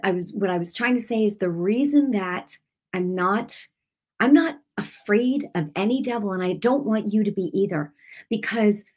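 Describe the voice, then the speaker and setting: A woman minister telling a story in a broadcast sermon, speaking in an animated, emphatic way and laughing often. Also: mid-range voice.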